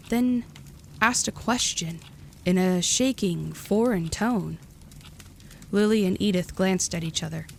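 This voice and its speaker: Woman calmly narrating a storybook. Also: mid-range voice, slight background noise.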